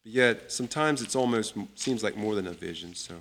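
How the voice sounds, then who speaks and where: A man teaching a Bible study, unhurried and reading scripture aloud with emphasis. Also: lowish voice, fairly bright tone.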